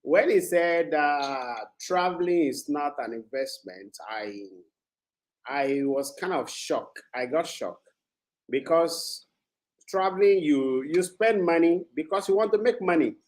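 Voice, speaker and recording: As a panelist in a casual podcast discussion, a man with a Nigerian accent speaks in a measured way, mixing in Pidgin. His voice is fairly high-pitched and expressive.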